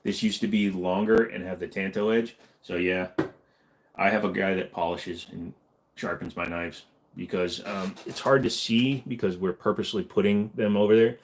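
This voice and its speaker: A man's voice: low voice, fairly even intonation, normal speed, slight background noise. Man rambling through a joking chat. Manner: rambling, joking, reads chat messages aloud. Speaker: livestream host. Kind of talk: casual livestream Q&A chat.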